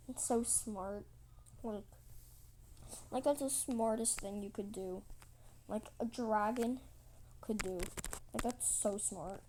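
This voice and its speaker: A woman's voice: medium pitch, mellow, slight background noise, rough recording. A woman telling a made-up story casually while drawing, rambling with many restarts.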